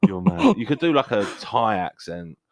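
A man's voice: medium pitch, big pitch swings, normal speed, gravelly, darkish tone, no echo. A young man co-hosting a podcast, teasing his partner and asking questions in casual banter. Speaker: podcast co-host.

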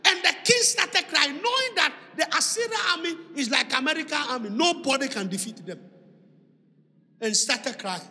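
A man preaching a fervent sermon as a bishop, shouting and half-singing his lines. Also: extremely high pitch, lively intonation, moderate pace. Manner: shouting, impassioned, sing-song preaching. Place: church hall. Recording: reverberant hall.

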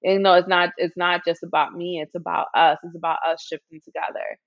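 A woman's voice: fairly low pitch, level tone, a little fast, no echo. A woman, a company founder, chatting casually as a podcast guest, with many fillers and frequent laughs. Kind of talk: casual chat. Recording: dull dry sound.

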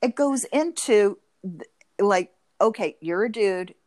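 A woman's voice: mid-range voice, slow, no room sound. A woman therapist talking animatedly in a podcast interview, acting out what spouses say. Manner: animated, acts out spouses' lines in quoted voices. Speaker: marriage and family therapist, guest.

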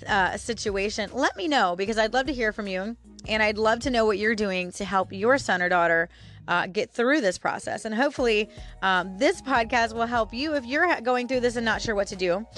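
A woman's voice: fairly high pitch, normal speed, a bit bright, faint music behind. A woman in her thirties hosting a casual solo podcast, talking candidly with frequent fillers and little laughs. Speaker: podcast host.

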